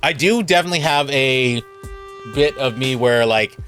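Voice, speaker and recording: A man's voice: medium pitch, moderate pace, a bit bright, soft background music. A Californian man streaming, telling a rambling, self-mocking story with a laugh.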